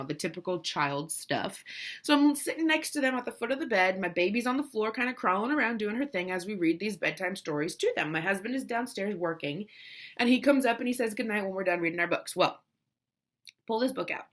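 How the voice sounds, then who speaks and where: A woman in her thirties, a mother telling a family story casually and emotionally, with many restarts. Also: mid-range voice. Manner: animated, emotional, lots of restarts and quoted voices.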